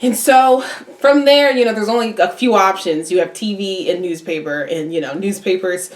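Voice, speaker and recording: A woman's voice: mid-range voice, normal speed. Matter-of-fact young woman in echoey room. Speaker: guest, news producer. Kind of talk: casual chat.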